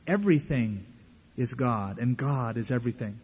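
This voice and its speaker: A man's voice: medium pitch, animated, moderate pace, a little mellow, breathy edge. A male pastor preaching a sermon, making dry, mocking asides.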